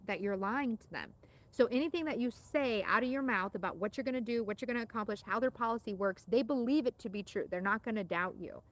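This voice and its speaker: A woman teaching an insurance exam-prep lesson in a chatty, casual way, with lots of fillers and repeated words. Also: mid-range voice.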